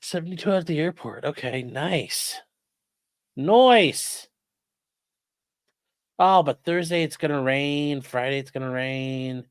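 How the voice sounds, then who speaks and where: A man's voice: on the high side, steady tone, moderate pace, hardly any pauses, clear, resonant tone. A man who is a lawyer chats casually on a livestream, joking and reading viewer comments aloud.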